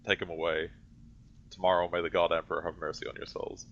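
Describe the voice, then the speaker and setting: A man's voice: low voice, flat delivery, fast talker, fairly bright tone. A man voicing a cold Inquisitor. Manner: cold, curt pronouncements. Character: cold, severe older male Inquisitor. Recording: dull lo-fi audio.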